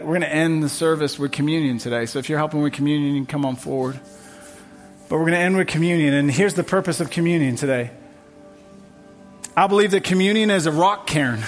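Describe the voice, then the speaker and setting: A man preaching a sermon at a church service, emphatic and building on repeated refrains. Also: on the high side. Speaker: pastor.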